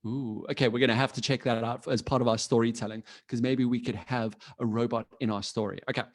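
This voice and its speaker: Man, mid-pitched, for a cheerful online class teacher on a video call. Encouraging, casual, laughs a lot. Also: steady tone, fast. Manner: friendly, encouraging, laughs often; casual, with fillers and restarts. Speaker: coding teacher for children.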